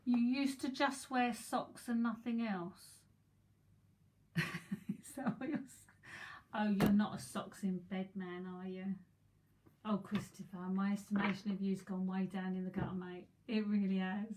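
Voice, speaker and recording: A woman's voice: mid-range voice, level tone, measured pace, background noise. A woman in her fifties from England, chatting and giggling her way through a live psychic reading with rambling asides. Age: 50s. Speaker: psychic medium.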